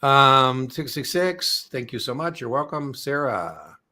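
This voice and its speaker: A man's voice: mid-range voice, slow, bright, forceful tone. A middle-aged man hosting an exam prep live stream, chatting casually and telling rambling, joking stories.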